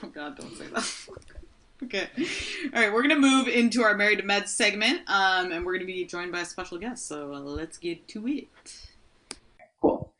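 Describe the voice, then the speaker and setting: A woman's voice: mid-range voice, moderate pace, pauses often, sharp tone. A woman in her thirties hosting a podcast in casual chat, upbeat and steering the conversation. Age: 30s. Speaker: podcast host. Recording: echoey, muffled home recording.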